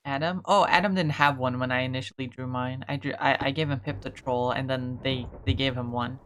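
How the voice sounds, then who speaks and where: A woman's voice: extremely low pitch, fairly even intonation, fairly quick, fairly bright tone, a little hiss or hum. A woman streamer chatting casually to herself while playing, muttering, swearing and trailing off mid-thought.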